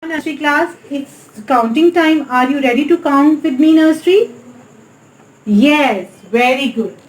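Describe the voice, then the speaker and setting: A woman with a Pakistani English accent teaching a nursery maths lesson in a slow, sing-song way, repeatedly calling on the class. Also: sits high, reverberant, poor audio. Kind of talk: recorded online maths lesson for small children.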